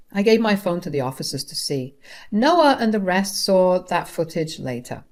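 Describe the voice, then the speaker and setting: A woman's voice: lowish voice, a little mellow. A young woman narrating a first-person story in a dramatic, gossipy way.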